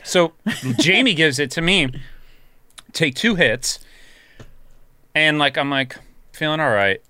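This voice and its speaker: Man telling a lively story, bright voice. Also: on the high side, slow pace, smooth, no room sound. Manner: animated, swears freely, acts out quotes. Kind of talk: casual storytelling chat.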